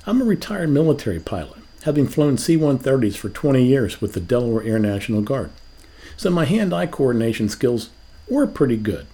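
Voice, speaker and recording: Older man, pastor's sermon, lively swinging pitch, mellow voice. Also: gravelly. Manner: conversational, rhetorical questions.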